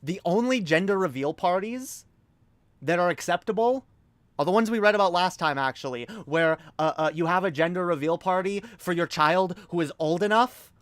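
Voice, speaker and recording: A woman's voice: on the low side, no echo. A woman hosting a livestream, ranting angrily with lots of swearing and repetition. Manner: angry, profane, repetitive. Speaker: livestream host.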